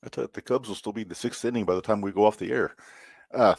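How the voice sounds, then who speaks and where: A man co-hosting a podcast in casual chat, relaxed and full of fillers. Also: fairly low pitch, fast talker, gravelly, heavy background noise. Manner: relaxed, filler-heavy, chatty. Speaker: podcast co-host.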